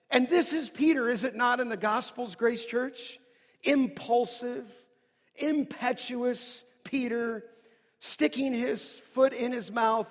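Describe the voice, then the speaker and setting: A man pastor preaching a sermon, dramatic, dropping to hushed asides and rising to loud emphatic lines. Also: high-pitched. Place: large church sanctuary. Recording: long hall reverb.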